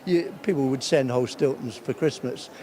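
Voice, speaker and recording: A man's voice: medium pitch, brisk, warm tone, a little hiss or hum. Older man telling rambling anecdotes. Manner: rambling storyteller, chuckling. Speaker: awards founder interviewed. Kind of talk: anecdotal interview chat.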